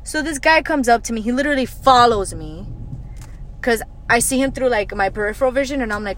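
Young woman host, fairly high voice, blunt and foul-mouthed, exasperated, casual solo rant with quick bursts and low muttered asides. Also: animated, fairly bright tone, a little hiss or hum. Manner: blunt, profane, exasperated storytelling. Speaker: podcast host.

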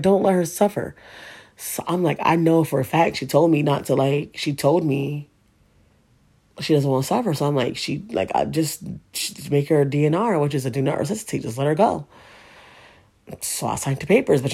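A woman's voice: sits low, vocal fry, warm tone, breathy edge. A woman in her thirties telling a personal story in an emotional, rambling way, swearing often and filling her speech with asides. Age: 30s. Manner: emotional, profane, rambling with many fillers. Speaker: vlogger.

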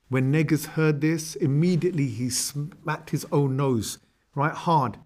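Man telling a lively story. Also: on the high side, unhurried. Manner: lively, conversational, acts out quotes. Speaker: religious history teacher. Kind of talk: storytelling lecture.

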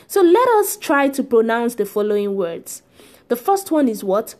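A woman's voice: on the high side, very animated, darkish tone. A woman teaching a French pronunciation lesson, patient and repetitive, drilling each sound several times. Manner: slow, patient, drills sounds by repeating them. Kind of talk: spoken language lesson.

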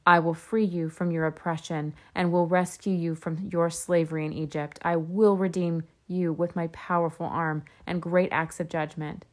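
A woman reading scripture aloud in a steady, measured way. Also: lowish voice. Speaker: scripture reader.

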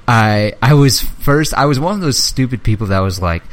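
A young man chatting excitedly as a podcast co-host, swearing freely and acting out movie lines as he retells scenes. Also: medium pitch, normal speed. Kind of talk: casual chat.

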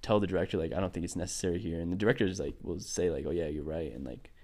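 Deep and mellow, this twenty-something podcast co-host from Kentucky speaks in rapid-fire bursts with a Southern twang. He keeps the conversation loose and jokey, full of filler words.

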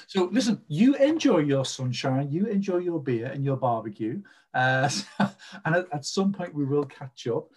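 A man's voice: on the high side, lively intonation, moderate pace, darkish tone, breathy edge. A man hosting a podcast, giving a casual card reading in a rambling, chatty way. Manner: chatty, rambling, full of fillers. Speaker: podcast host and card reader. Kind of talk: casual psychic reading chat.

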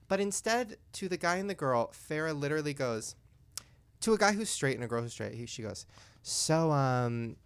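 A man hosting a podcast, telling gossip in crude, animated stories. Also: on the high side, a little fast, clean tone. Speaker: podcast host. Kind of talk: casual chat.

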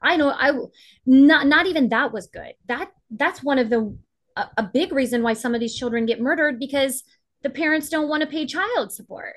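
As a guest on a podcast interview, a woman advocate talks at a moderate pace in a high, somewhat bright voice. She speaks with passion and emphasis, regularly acting out quotes from others.

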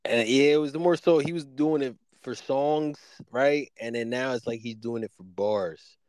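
A man co-hosting a podcast, talking in a rambling, animated way and jumping high when excited. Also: moderate pace, dry recording. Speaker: podcast co-host. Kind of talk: casual debate chat.

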